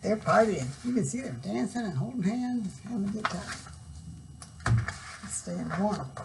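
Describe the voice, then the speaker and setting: An older woman reads a picture book aloud at an unhurried pace, pausing to explain words for young listeners. Her voice sits at a middle pitch. A faint hiss runs under the recording. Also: lively intonation, creaky. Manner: gentle, explains words for children. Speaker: storyteller.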